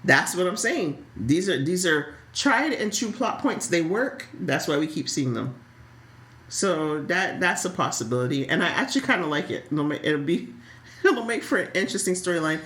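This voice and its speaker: A woman co-hosting a casual podcast chat, animated, often repeating words as she starts a thought. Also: on the low side, moderate pace, echoey room. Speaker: podcast co-host. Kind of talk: casual chat about a soap opera.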